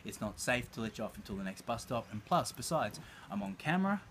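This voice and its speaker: A man's voice: medium pitch, very animated, fast talker, a bit bright, slight background noise. A man voicing a polite, apologetic male bus driver in his own everyday voice.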